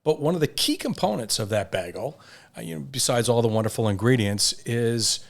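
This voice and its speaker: A man's voice: expressive, a little fast, vocal fry. Upbeat CEO man answering interview questions. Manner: upbeat, earnest business pitch. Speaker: company CEO guest.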